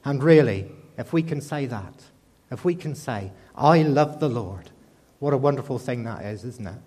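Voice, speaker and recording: A man's voice: mid-range voice, expressive, moderate pace, dark tone, slightly rough. A man preaching a sermon in a conversational way, often asking the congregation rhetorical questions.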